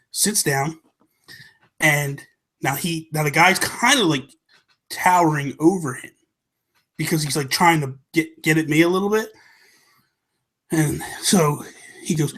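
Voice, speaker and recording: A man co-hosting a casual podcast, telling a long story and acting out each person in it. His voice sits a little high, and it rises and falls as he plays the different characters. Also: moderate pace, pauses often, breathy edge. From United States. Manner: animated storyteller, acts out the people in his story. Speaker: podcast co-host.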